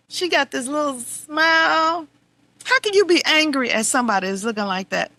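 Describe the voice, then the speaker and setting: A middle-aged woman hosting a podcast, telling a candid personal story, heartfelt and wry, moving between quiet reflection and exasperated venting. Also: high voice, very animated, normal speed, no room sound. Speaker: podcast host.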